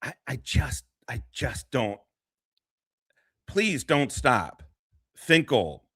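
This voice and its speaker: Male streamer, crude and scattered reaction commentary, bright tone, dry close mic. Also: medium pitch, sing-song, extremely slow, breathy edge, no echo. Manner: rambling, crude, laughing often.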